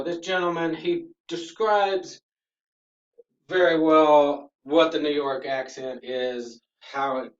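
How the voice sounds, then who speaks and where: A man teaching a class, explaining things patiently and often checking in with "okay?". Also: on the high side. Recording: echoey room from a distance, dull sound.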